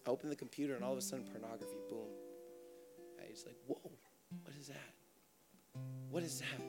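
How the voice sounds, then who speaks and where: A young man preaching a sermon at a church service, with impassioned, rising emotional appeals. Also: a little high.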